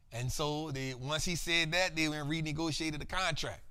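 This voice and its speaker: A man's voice: a little high, moderate pace, few pauses, pushed and bright, clear, resonant tone. A man hosting a live finance stream, talking casually in slang and calling out to his viewers in the chat. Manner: hyped, slangy, calls out to viewers. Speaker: host of a finance livestream. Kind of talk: casual livestream talk with chat shout-outs.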